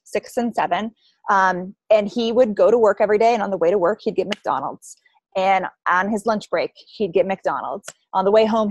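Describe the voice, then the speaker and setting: Coaching her team over a call, a young adult woman with a medium-pitched voice chats her way through a story, acting out each quoted voice and using plenty of likes and ums. No room sound is audible.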